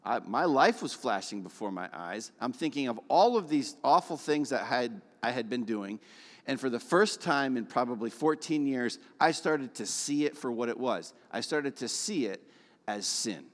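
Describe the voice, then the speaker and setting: A man's voice: mid-range voice, lively intonation, normal speed. Earnest male preacher in a reverberant hall. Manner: earnest, emotional storytelling. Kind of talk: sermon testimony.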